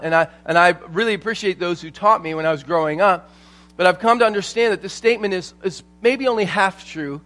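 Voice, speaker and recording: A man preaching a sermon at a conference, telling stories in an animated way and repeating his phrases for emphasis. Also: high voice. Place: church conference hall.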